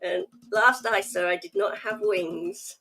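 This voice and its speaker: A woman's voice: mid-range voice, fairly even intonation, takes it slowly, sharp tone. An Englishwoman hosting a livestream, chatting casually and teasing playfully with slang. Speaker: livestream host.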